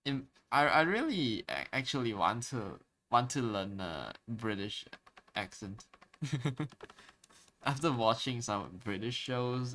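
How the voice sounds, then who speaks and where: A man's voice: mid-range voice, pushed and bright. A man casually chatting with his viewers while drawing on a live stream, laid-back and chuckling often, repeating words as he starts his sentences.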